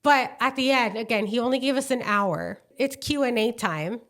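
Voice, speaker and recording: A woman co-hosting a podcast, telling a story in a lively, gushing way with lots of fillers and acted-out quotes. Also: fairly high pitch, normal speed. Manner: animated, gushing storyteller who acts out quotes. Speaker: podcast co-host. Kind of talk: casual chat.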